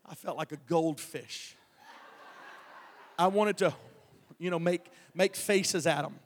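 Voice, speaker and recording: A man's voice: a little high, slow, a little hiss or hum. Folksy preacher man in a hall. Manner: folksy storytelling, stammering restarts, chuckles. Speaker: evangelist. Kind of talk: preaching a testimony. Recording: long hall reverb.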